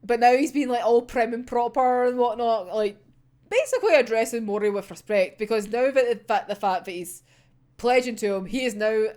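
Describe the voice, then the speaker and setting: A woman's voice: on the high side, a little fast, darkish tone. A young woman chatting casually as a manga reaction vlogger, sweary and dramatic, laughing often and rambling with fillers. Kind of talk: casual chat.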